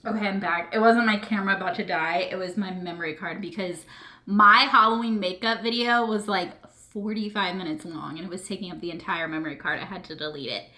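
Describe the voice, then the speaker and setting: A woman's voice: fairly low pitch, fairly even intonation, brisk, bright, forceful tone, roomy sound. A woman vlogging emotionally, teary and earnest, rambling with lots of fillers as she talks to her viewers. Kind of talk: emotional personal vlog. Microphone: camera mic.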